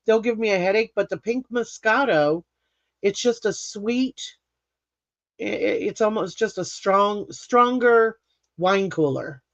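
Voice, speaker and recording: A woman with a mid-range voice speaks at a measured pace on her live craft stream, reading comments in casual conversation, laughing frequently and restarting her sentences as she rambles. The audio is dry, a bit muffled, and free of echo.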